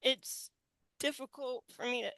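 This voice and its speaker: A woman host speaks in a tearful, halting way, breaking off phrases as she tries not to cry. Her delivery is slow and her tone is bright and tense. The recording is dry, with no room echo. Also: high-pitched, steady tone. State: tearful, holding back crying. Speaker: podcast host. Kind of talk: emotional tribute monologue.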